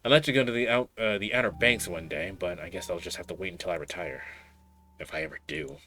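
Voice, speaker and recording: A man reads game dialogue aloud, voicing a guarded young woman who runs the town mines in a dry, matter-of-fact way. His voice is low, bright and forceful, and he talks fast.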